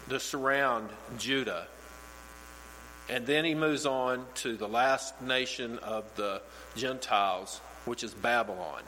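A man's voice: mid-range voice, fairly bright tone. A man teaching a Bible study in a conversational way, often restarting and repeating words. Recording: reverberant hall with mains hum.

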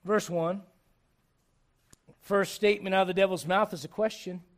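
A man preaching a sermon in church, humorous and animated, dropping to quiet asides and rising to shouts. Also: sits high, moderate pace. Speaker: pastor.

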